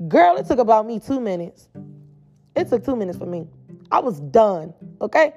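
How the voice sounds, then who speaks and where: A woman's voice: on the high side, very animated, moderate pace, darkish tone, soft background music. A woman telling a blunt, profane storytime straight to her viewers in a casual, chatty way.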